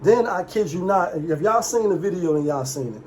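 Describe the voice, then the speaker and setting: A young man with a slightly higher voice rambles through a casual commentary vlog. He jumps between asides and quick impressions in a loose, animated way. A faint hiss of room noise sits under his voice. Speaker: commentary channel host.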